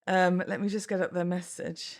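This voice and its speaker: A pregnant woman hosts a casual solo podcast, chatting and oversharing, laughing at herself and wandering into asides while her baby kicks. Her voice is lowish and flat, at a normal speed.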